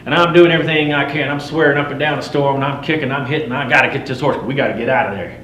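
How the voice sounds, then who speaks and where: A man's voice: medium pitch, steady tone, rapid-fire, pushed and bright, lightly acted. A man playing a boastful frontier mountain man. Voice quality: folksy drawl with rough frontier grammar. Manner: swaggering, wry, chuckling at his own yarns. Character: boastful frontier mountain man, grizzled fur trapper telling tall tales. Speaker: living history storyteller. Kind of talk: first-person campfire tall tale. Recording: roomy recording with faint hum.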